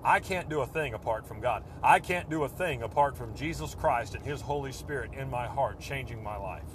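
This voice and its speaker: A man preaching a sermon with fervent, repetitive phrasing that swells and then drops to a hush. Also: medium pitch, normal speed, noisy background.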